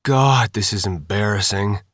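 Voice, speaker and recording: A man's voice: fairly low pitch, unhurried, fairly bright tone, no room sound, clean studio sound. A man voicing a prim, proper young woman in an audiobook.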